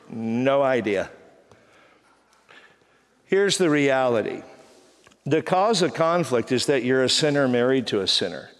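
A middle-aged man preaching a sermon as a pastor, joking and self-deprecating, telling stories with quick asides. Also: medium pitch. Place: church auditorium. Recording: hall reverb.

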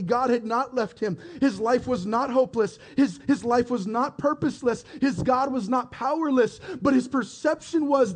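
A man's voice: very high-pitched, a little mellow. A male pastor preaching a sermon, firing rhetorical questions at his congregation.

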